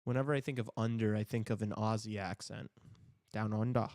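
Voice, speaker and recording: A man's voice: fairly low pitch, steady tone, fast talker, darkish tone, no echo, studio quality. A man hosting a live hockey stream, chatting in a laid-back, rambling way and swearing casually. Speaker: podcast host.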